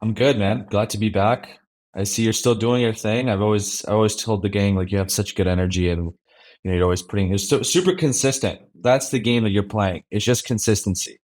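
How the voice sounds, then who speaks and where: A man speaking as a podcast guest in a relaxed, rambling way, with frequent restarts and fillers. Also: lowish voice, brisk. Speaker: podcast guest, brand creative officer. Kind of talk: casual interview chat.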